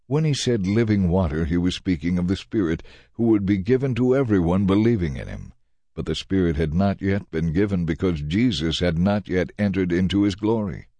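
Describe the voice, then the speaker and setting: Deep-voiced man reading scripture. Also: a little fast, dry recording. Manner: expressive narration, shifting voices for characters. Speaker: scripture reader. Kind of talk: dramatized Bible reading.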